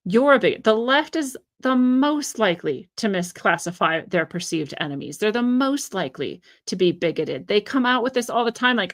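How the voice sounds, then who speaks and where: A woman's voice: mid-range voice, expressive, normal speed, few pauses. A woman giving an opinionated solo commentary, indignant and sarcastic, hammering her points with emphasis. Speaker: political commentator.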